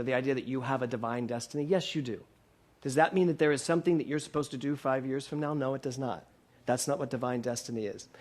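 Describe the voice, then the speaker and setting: A man in his sixties giving a sermon to a congregation, posing many questions and joking with the room. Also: medium pitch. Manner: asks the congregation many questions, playful and laughing at times. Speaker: minister. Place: church hall with a congregation.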